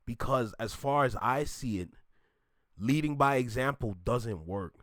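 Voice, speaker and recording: A man's voice: medium pitch, expressive, a little slow, a bit bright, no echo, clean studio sound. A man from Toronto hosting a reaction video, ranting bluntly and repeating his points for emphasis. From Toronto, Canada.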